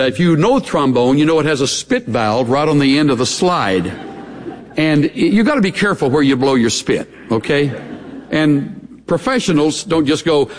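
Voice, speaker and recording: A man's voice: fairly high pitch, big-room sound, a little hiss or hum. A middle-aged male pastor preaching a sermon, telling stories in a playful, chuckling way. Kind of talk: sermon with humorous storytelling.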